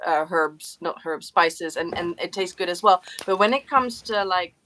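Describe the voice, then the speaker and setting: Woman cohost on a paint stream, kinda rambly, lots of ums and pauses. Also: fairly low pitch, fairly bright tone, a little hiss or hum. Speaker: co-host of an art livestream. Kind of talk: casual chat while painting.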